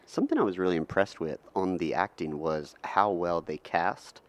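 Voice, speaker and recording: A man with a very deep voice co-hosting a casual podcast. He speaks in a relaxed, agreeable way, often backing up his co-host with short replies. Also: moderate pace. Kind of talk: casual chat.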